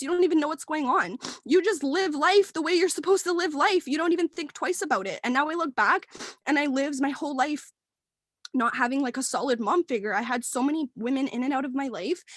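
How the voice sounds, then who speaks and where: A young woman in her twenties speaks in a high voice, close to tears as she rambles through a heartfelt personal story. She fills her talk with fillers and restarts. The sound is dry, with no room echo. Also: a bit bright. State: tearful, near crying. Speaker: team member sharing her story. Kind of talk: emotional personal testimony. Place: work meeting, dry room.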